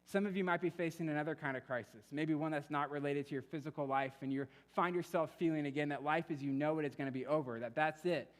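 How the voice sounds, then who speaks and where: A young man preaching a sermon in a relaxed, conversational way, telling stories and acting out quoted voices. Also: a little high, fast, few pauses. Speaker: pastor. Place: church hall. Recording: long reverb of a church hall.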